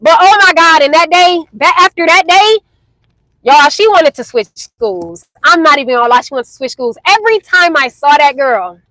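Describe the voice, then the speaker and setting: Chatty high-voiced woman telling a story. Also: moderate pace, no echo, poor audio. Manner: animated, chatty, addresses viewers as y'all. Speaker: storytime vlogger. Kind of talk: casual storytelling to viewers.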